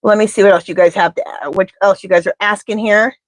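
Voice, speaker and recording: A woman's voice: medium pitch, steady tone, fast, no echo. A woman tarot reader in casual live-stream chat, rambling and talking straight to her viewers.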